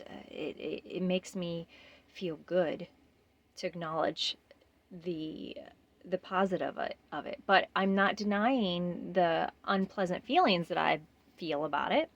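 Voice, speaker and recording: A woman with a fairly low voice leads a guided mirror exercise, talking gently and earnestly. She often pauses, restarts and fills gaps as she goes. The sound is dry and close, with no room around it. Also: dry recording. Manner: gentle, earnest, halting with fillers. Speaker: self-care guide.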